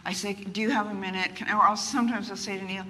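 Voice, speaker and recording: A fast-talking older woman with a mid-range voice, she's a guest author interviewed before a live audience, with slight background noise. Her storytelling is candid, lively, and self-mocking, full of acted-out quotes, captured in a distant, reverberant space with faint ambience.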